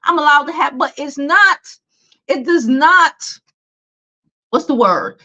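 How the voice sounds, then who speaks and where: A young woman hosts a casual beauty and celebrity commentary vlog, speaking bluntly, profanely and dismissively with many fillers. Her high voice is slow, pushed and bright with lively intonation, though the recording is muffled.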